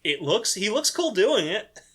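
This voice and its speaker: Animated woman cracking deadpan jokes. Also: mid-range voice, unhurried, husky. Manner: animated, deadpan quips, gushing. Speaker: podcast co-host. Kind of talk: casual comedic banter.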